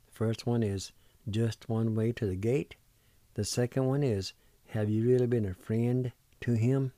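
A middle-aged man hosting a radio language lesson, spelling words letter by letter and sounding out each syllable slowly and deliberately. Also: mid-range voice, steady tone, dark tone, no room sound. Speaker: radio language teacher, show host.

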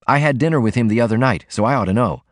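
A man voicing a proud young male writer in an audiobook, speaking in a measured, bitter, argumentative way. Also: mid-range voice, no room sound, clean studio sound, lightly acted. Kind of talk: audiobook character reading.

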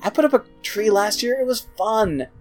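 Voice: mid-range voice, lively intonation, normal speed, a little mellow, faint music behind. A podcast co-host recapping a movie in casual chat, with sarcastic, exasperated asides.

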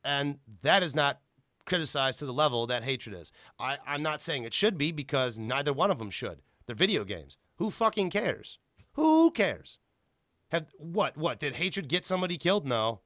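A man hosting a casual chat, ranting animatedly with a lot of swearing, and jumping to high pitch when he stresses a point. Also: big pitch swings, normal speed, a bit bright, no room sound, clean studio sound.

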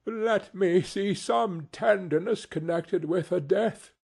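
A man's voice: sits high, slow, gravelly, a little mellow, slightly rough, voice pushed up, heavily acted. Scrooge, as a man puts him on, pleading. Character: old male miser, gruff and shaken.

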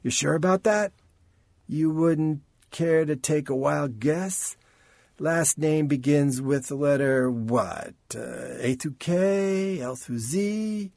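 A man's voice: a little high, takes it slowly, vocal fry, darkish tone, no room sound, studio quality, pitched above the performer's own voice. A man voicing a flirtatious, wisecracking adult man in an audiobook, speaking in a teasing, coaxing way. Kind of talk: audiobook character voice.

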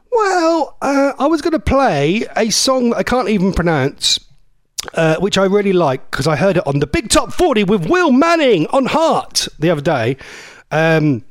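A chatty man in his forties hosts a radio show, rambling from story to story. His slightly high voice swoops up and down with a lot of life. The studio sound is dry and close, with no room in it. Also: no echo. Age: 40s. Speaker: radio host. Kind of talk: casual radio chat.

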